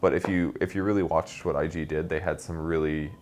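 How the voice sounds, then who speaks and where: Very deep fast-talking esports analyst man. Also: fairly even intonation, a little mellow. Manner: fast, knowledgeable, explaining tactics with many fillers. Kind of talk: casual game analysis chat.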